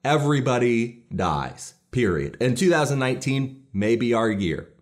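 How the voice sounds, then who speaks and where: A man's voice: medium pitch, animated, moderate pace. A pastor preaching a sermon in an earnest, emphatic way, stressing key lines as he builds his points.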